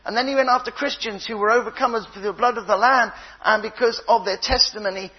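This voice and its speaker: Older man preaching, high husky voice, animated storytelling, slightly dull recording. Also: quick pace. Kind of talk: sermon.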